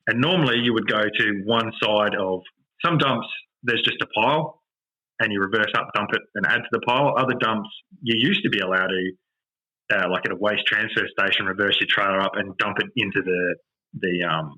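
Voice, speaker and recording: An Australian man hosting a podcast, telling a story in an animated, exasperated rant with lots of swearing. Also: fairly low pitch, slightly rough, rough recording. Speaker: podcast host. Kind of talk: casual storytelling chat.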